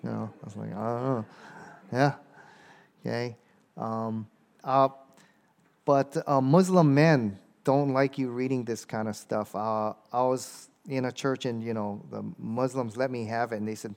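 A man's voice: medium pitch, fairly even intonation, gravelly, a little mellow. Man lecturing casually, reading verses aloud. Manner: conversational, keeps checking in with "okay?" and reads verses aloud slowly. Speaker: speaker teaching a church audience about Quran passages. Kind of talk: informal lecture with audience questions.

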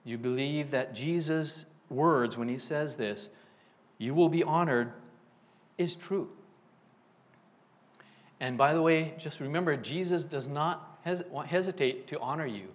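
A man's voice: on the high side, unhurried, long pauses. A man, a middle-aged pastor, preaching a sermon in a conversational way, with frequent restarts and asides.

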